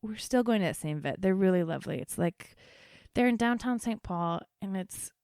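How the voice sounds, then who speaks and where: A woman's voice: mid-range voice, expressive, moderate pace, a little mellow, dry recording, studio quality. A woman hosting a podcast who tells a long story in a chatty, casual way, swearing freely and acting out what others said. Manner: chatty, profane, tells stories with quoted dialogue. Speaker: podcast host.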